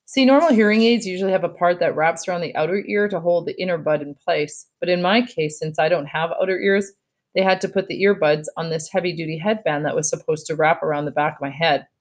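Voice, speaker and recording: Low-voiced woman teacher reading aloud. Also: fast. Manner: explanatory, steady read-aloud. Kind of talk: reading a novel aloud to a class.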